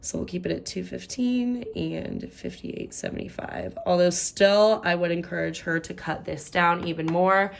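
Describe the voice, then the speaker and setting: A young woman talks through a budget in a relaxed, chatty way, thinking aloud as she works out the numbers. Her voice sits a little low and has a gravelly, fry-laden texture. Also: moderate pace, few pauses, slight background noise. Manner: chatty, thinks aloud while doing sums. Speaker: budgeting vlogger. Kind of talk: casual budget walkthrough.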